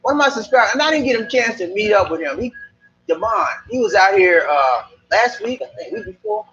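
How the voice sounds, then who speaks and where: Chatty Geechee-accented man, lively pitch. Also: fairly quick, dull audio. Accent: Gullah Geechee, Charleston. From Charleston, South Carolina. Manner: chatty, repeats himself, talks to viewers directly. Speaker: live stream host. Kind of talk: casual live stream chat. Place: Philippines, Cebu area.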